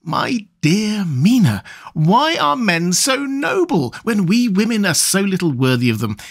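A man's voice: sits high, big pitch swings, unhurried, creaky, pitched above the performer's own voice, full character voice. A man reading as a sweet, emotional young woman, confiding in a letter for an audiobook. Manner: gushing, confiding.

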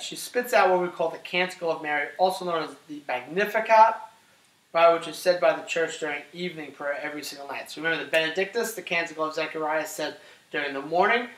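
A man teaching a class on scripture, animated, asking questions and often checking in with "right?". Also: a little high, recorded from a distance. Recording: roomy echo from off-mic.

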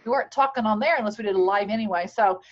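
A woman's voice: mid-range voice, very fast. A woman on a casual video call, explaining things at length with enthusiasm and restarts. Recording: dull lo-fi video call audio.

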